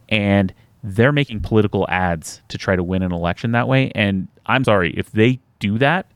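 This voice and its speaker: A man's voice: on the low side, no room sound. A man hosting a political podcast, earnest and urgent as he builds his case. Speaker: podcast host.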